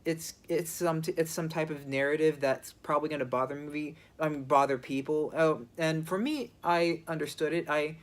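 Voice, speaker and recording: A film reviewer talking casually and unscripted, often pausing, restarting sentences and leaning on "you know" fillers. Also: medium pitch, steady tone. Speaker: movie reviewer. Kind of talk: casual spoken movie review.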